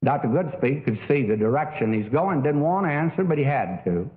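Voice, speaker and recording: A man's voice: medium pitch, lively intonation, brisk. An older man preaching a sermon in a folksy, storytelling way with many fillers. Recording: tinny phone-like old recording.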